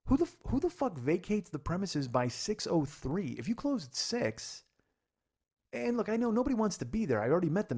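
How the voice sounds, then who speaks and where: A man's voice: fairly high pitch, gravelly, darkish tone, husky. A man hosting a comedy podcast, telling a story in a profane, exasperated rant. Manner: profane, exasperated, fast rambling rants. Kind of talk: ranting comic storytelling monologue.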